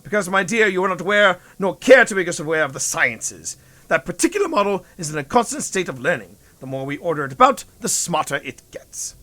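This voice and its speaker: A man's voice: high-pitched, sing-song, fairly quick, bright, forceful tone, exaggerated voice. A man voicing a pompous, snobbish male hotel clerk who speaks in a clipped, condescending way.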